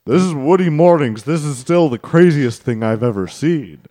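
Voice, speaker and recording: A man in casual comedic game role-play, reacting quickly and excitably. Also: a little high.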